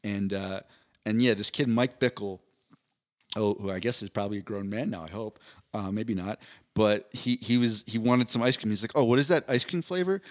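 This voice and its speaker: A man, co-hosting a podcast in casual chat, telling stories with a dry delivery and lively quoted voices. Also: fairly low pitch, moderate pace. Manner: storytelling, animated quoted voices. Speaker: podcast co-host.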